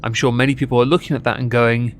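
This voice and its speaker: A man's voice: medium pitch, little pitch movement, rapid-fire, a little hiss or hum. A man narrating a commentary video, dry and mocking in tone. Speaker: commentary host.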